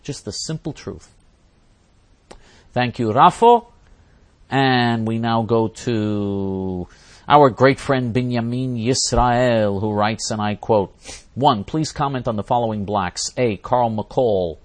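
A man's voice: medium pitch, takes it slowly. A man hosting a talk show, reading out listener questions and ranting indignantly, repeating himself and restarting his sentences. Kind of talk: angry ranting monologue.

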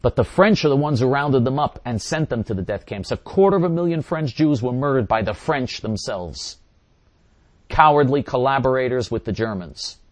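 A man's voice: mid-range voice, no echo. A middle-aged man hosting a show and answering listener questions in a casual monologue. He speaks emphatically, repeating phrases and often restarting his sentences.

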